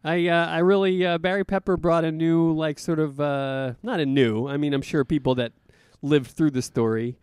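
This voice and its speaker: A man's voice: a little high, fairly even intonation, normal speed, few pauses, darkish tone, smooth, dry recording. A man co-hosting a podcast in casual chat, playful and joking, teasing his partner. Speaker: podcast co-host.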